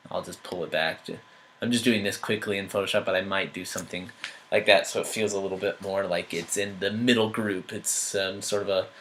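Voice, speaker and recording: A man giving an art critique, talking through changes thoughtfully with many pauses, fillers and restarts. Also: deep voice, a bit bright, a little hiss or hum, rough recording. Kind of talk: painting critique while editing on screen.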